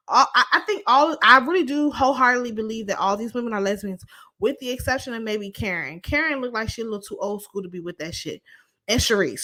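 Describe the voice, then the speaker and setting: Blunt, bright-voiced woman recapping TV. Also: on the high side. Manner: blunt, profane and sassy, quick asides. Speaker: reality TV recap commentator. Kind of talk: casual opinionated recap.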